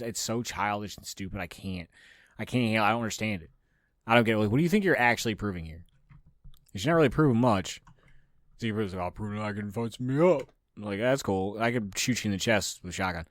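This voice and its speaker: Man, podcast host, low voice, dry sound, casual profane rant. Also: no echo. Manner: profane, ranting, mocks others in raised voices. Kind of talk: casual opinionated monologue.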